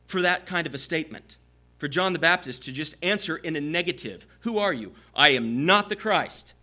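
Bright-voiced preacher with lively pitch. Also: male voice. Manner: expository preaching with scripture quotations and emphatic stresses. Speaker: pastor. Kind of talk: sermon.

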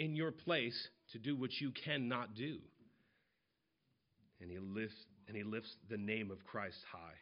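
A man with a somewhat low voice preaches a sermon, working through scripture verse by verse in a plain, conversational way. The recording sounds dull and lo-fi. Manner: conversational expository preaching, retelling parables in casual voices.

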